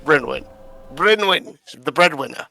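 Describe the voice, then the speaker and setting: A man's voice: on the high side, lively intonation, a little slow, gravelly, pushed and bright, slight background noise. A man recapping a tabletop game session in a rambling, profane, casual way, often fumbling names.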